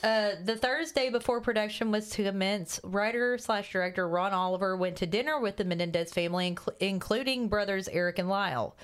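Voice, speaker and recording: A woman co-hosting a horror movie podcast, reading a kill count and trivia in a brisk, list-like delivery. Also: mid-range voice, smooth. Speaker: podcast co-host.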